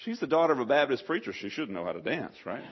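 A middle-aged male pastor preaching a sermon, animated, with sudden loud acted outbursts. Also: mid-range voice, fast talker, slight background noise. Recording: slightly dull lo-fi sound.

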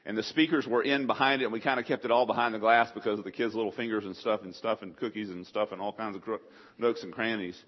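A middle-aged male pastor preaching a sermon, animated, with sudden loud acted outbursts. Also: lowish voice, fast. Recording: slightly dull lo-fi sound.

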